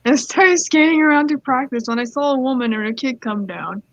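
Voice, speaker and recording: A woman's voice: high-pitched, moderate pace, no room sound. A young woman casually reading online stories aloud, giggling and rambling off into side comments. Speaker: story reader. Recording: dull lo-fi dry mic.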